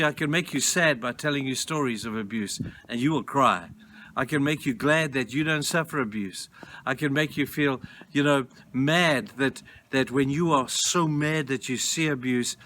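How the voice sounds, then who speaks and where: A man's voice: mid-range voice, sharp tone. A man pastor giving a devotional sermon, earnest and emphatic as he urges his listeners. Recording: noisy recording.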